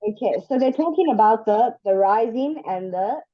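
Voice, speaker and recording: A woman's voice: a little high, lively intonation, no room sound. Patient woman teaching English. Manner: patient, explains slowly with examples. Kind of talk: online English lesson. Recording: dull lo-fi dry sound.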